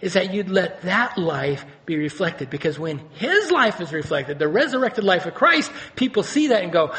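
A male pastor preaching a sermon, animated, swinging between loud exclamations and quiet intensity and asking the congregation rhetorical questions. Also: sits high, a little fast, few pauses.

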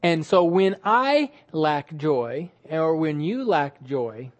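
High-voiced man preaching emphatically. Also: very animated. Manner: emphatic, drawn-out words, sudden drops to quiet. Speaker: pastor. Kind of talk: sermon.

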